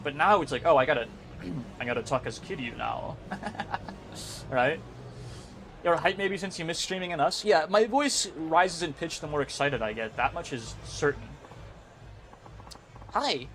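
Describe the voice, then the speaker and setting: Male gaming streamer, slightly high-pitched, casual and excitable, swears a lot, laughs easily. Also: a little slow, long pauses, a little hiss or hum. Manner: rambling and excitable, swears freely, laughs often. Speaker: game streamer. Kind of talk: casual live-stream chat while gaming.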